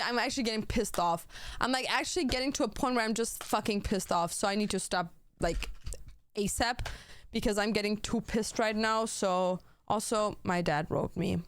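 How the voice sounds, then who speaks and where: A woman's voice: a little high, fairly bright tone. A young adult woman streamer chatting casually and bluntly with her viewers, swearing often and talking straight to chat.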